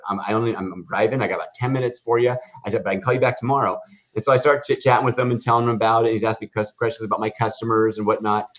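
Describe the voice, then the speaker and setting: A man telling a story in a podcast interview, rambling through fillers and restarts and acting out the dialogue. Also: fairly low pitch. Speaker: guest, hot dog stand owner. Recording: dull lo-fi podcast audio.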